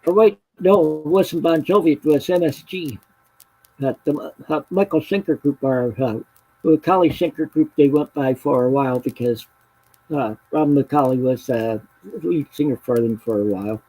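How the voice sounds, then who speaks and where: A man's voice: on the high side, moderate pace, dark tone, slightly rough, rough recording. A man chatting casually on a video call, hesitant, with many fillers and self-corrections.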